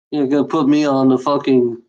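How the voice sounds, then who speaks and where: A woman's voice: very deep voice, a little mellow, lo-fi sound. A woman in a casual rambling monologue, swearing freely and often breaking into laughter.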